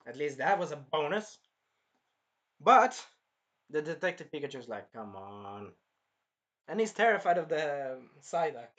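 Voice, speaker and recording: Young guy in his twenties, slightly high voice, loose rambling reviewer who bursts out loudly now and then. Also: lively intonation, moderate pace. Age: early 20s. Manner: rambling, jumps between topics with sudden loud bursts. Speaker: film reviewer. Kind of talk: casual rambling movie review.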